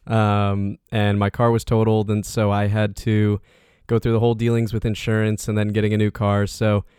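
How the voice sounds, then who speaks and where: Young dude hosting a podcast, upbeat and jokey, clean dry sound. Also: male voice, lowish voice, monotone, moderate pace, darkish tone, clear, resonant tone, dry recording. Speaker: podcast co-host. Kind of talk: casual chat.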